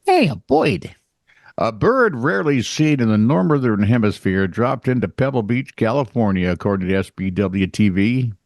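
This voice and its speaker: A man's voice: lowish voice, animated, moderate pace, hardly any pauses, no echo, studio quality. A man co-hosting a comedic news podcast, reading stories and cracking teasing jokes in casual banter. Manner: wisecracking, teasing. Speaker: podcast co-host, news reader.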